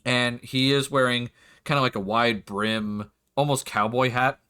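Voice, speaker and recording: A man's voice: mid-range voice, steady tone, measured pace, bright, forceful tone, smooth. A man narrating as game master of a tabletop game, rambling and correcting himself as he goes. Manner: rambling, laughs and self-corrects.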